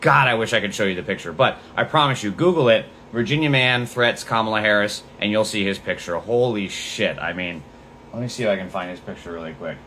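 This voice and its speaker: A man's voice: fairly low pitch, expressive, a little fast, sharp tone, slight background noise. A man hosting a political podcast livestream, talking in a profane, sarcastic, mocking way. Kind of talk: livestream commentary.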